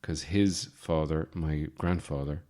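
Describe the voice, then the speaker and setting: Irish guy in his 40s, super low voice, deadpan rambling podcast talk, lots of ums. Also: unhurried. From Ireland. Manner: deadpan, digressive, with frequent fillers and restarts. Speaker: podcast host. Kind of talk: rambling comic monologue.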